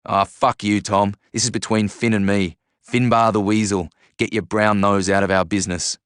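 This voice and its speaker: A man's voice: lowish voice, flat delivery, normal speed, clear, resonant tone, no room sound, clean studio sound, close to an everyday voice. A man doing a drunk, jeering young brawler. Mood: angry. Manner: shouting and jeering. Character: drunk, aggressive young man, taunting his brother.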